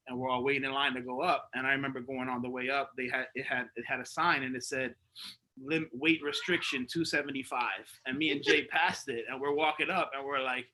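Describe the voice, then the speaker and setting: Bright-voiced man telling lively stories. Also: mid-range voice, rough recording. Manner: animated, laughing storyteller who acts out dialogue; casual, slangy talk with many fillers. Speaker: speaker sharing memories at a memorial. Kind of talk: spoken storytelling speech.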